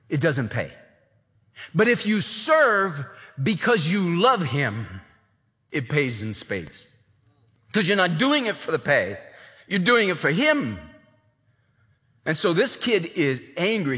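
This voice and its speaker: Guy preaching a sermon, kinda high voice, long reverb like a big church hall. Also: measured pace. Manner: animated preaching, acts out quoted voices. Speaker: pastor.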